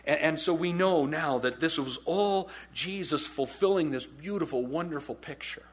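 A man preaching a sermon in a conversational, animated storytelling way, often repeating phrases for emphasis. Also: fairly high pitch, moderate pace, husky. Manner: animated storytelling, acts out quotes in character. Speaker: pastor.

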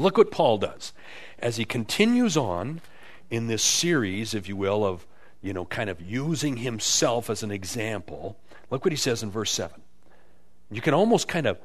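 A man preaching a sermon as pastor, animated and emphatic, swinging between quiet stretches and loud peaks, acting out quotes with a sarcastic edge. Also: fairly low pitch, moderate pace. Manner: acts out quotes with sarcastic inflection.

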